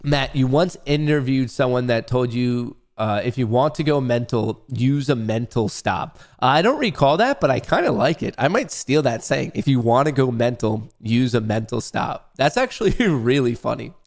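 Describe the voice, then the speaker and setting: A young man with a medium-pitched, animated voice speaks at a moderate pace with few pauses. Hosting a day-trading livestream, he talks loosely to his audience, throwing in jokes and swearing during casual trading commentary.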